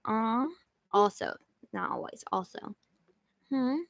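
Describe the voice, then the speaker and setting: A woman's voice: fairly high pitch, slow pace, creaky, slight background noise. A young woman hosting a casual livestream, chatting and rambling with jokey asides as she reads viewer comments. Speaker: livestream host.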